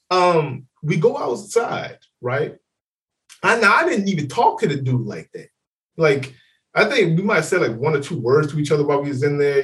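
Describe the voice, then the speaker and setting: A podcast co-host tells a story in casual chat, swearing freely and animatedly acting out what people said. His voice is fairly high in pitch and sounds far from the mic.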